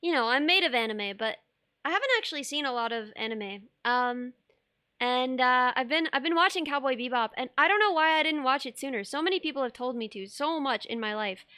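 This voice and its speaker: A woman's voice: sits high, expressive, fairly quick, sharp tone, clear, resonant tone, no echo, studio quality. A young woman streaming live, chatting casually while she sculpts, bubbly and rambling, laughing often and reading chat aloud.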